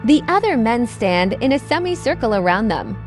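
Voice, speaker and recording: A woman narrating a scripted horror story in a slow, measured reading. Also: on the high side, very animated, faint music behind.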